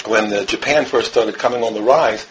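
A man from the United States, a rabbi teaching a Torah class, emphatic and repetitive, dropping from loud emphasis to hushed tones. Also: fairly low pitch, normal speed, slight background noise, rough recording. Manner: emphatic, repeats phrases, swings between loud and hushed. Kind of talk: impassioned Torah lesson.

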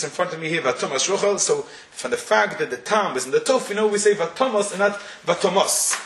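A man's voice: a little high, a bit bright. A man giving a Torah class in a synagogue, explaining step by step and chanting verses aloud. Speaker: Torah teacher. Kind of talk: lecture-style shiur. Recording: echoey room with faint noise.

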